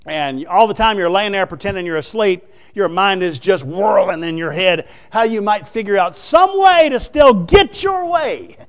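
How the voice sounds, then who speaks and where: A man preaching a sermon in an emphatic, folksy way, swinging between loud stresses and hushed asides. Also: high-pitched, expressive, moderate pace, hardly any pauses, clear, resonant tone.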